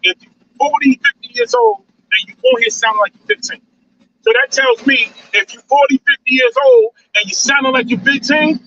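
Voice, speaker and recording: High-voiced man in his forties preaching on a live stream. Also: bright, forceful tone. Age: 40s. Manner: preachy, repeats lines, says "man" a lot. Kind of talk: casual monologue on a live stream. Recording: dull, distant mic with faint noise.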